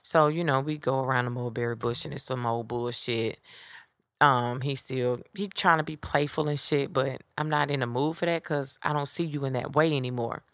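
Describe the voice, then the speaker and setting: A woman's voice: a bass voice, fairly even intonation, normal speed, no echo, studio quality. A woman host telling a personal story to her listeners, blunt, profane and sassy. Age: adult with children. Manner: sassy, speaks straight to listeners. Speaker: podcast host. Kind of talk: casual storytelling monologue.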